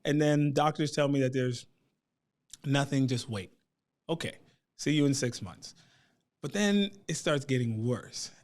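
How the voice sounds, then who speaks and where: Animated man telling a family story. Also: mid-range voice, measured pace, long pauses. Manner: animated, acts out quotes. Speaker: parent sharing his story at a town hall. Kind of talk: personal storytelling.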